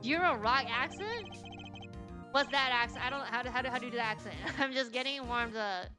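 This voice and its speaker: A woman's voice: a little high, fairly quick. A woman streamer playing a game, reading it aloud and laughing at her own slips. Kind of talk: game playthrough with voiced reading. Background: game music.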